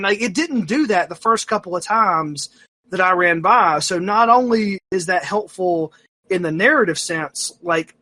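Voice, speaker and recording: Bright, high-voiced rambling podcast man. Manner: rambling, full of fillers and restarts; animated, self-mocking storyteller. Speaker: podcast co-host. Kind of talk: casual chat.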